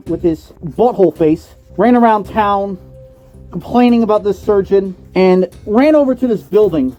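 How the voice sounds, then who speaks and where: High-voiced man ranting mock conspiracy. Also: big pitch swings, normal speed, soft background music. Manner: mock-serious, ranting, jumps between booming and hushed. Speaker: comedy video narrator. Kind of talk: satirical mock-conspiracy storytelling.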